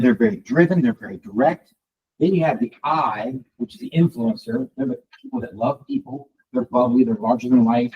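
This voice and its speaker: A man teaching a live workshop to a room of colleagues, talking fast and asking the audience questions. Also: a little high, vocal fry, husky, low-quality recording. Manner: fast, animated, addresses the room directly. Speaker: real estate trainer.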